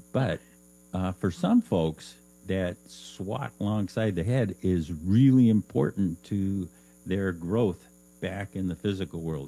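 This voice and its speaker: A male guest on a radio interview speaks in a deep, mellow voice. He explains things calmly and patiently, with an easy chuckle in his manner. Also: low-quality recording. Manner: calm, explanatory, laughs often. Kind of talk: casual interview chat.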